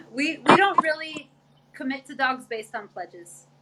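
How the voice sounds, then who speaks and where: A woman's voice: sits high, lively intonation, a little slow, pushed and bright, low-quality recording. A woman who volunteers at an animal rescue, talking earnestly and chattily in an interview. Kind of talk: casual interview chat.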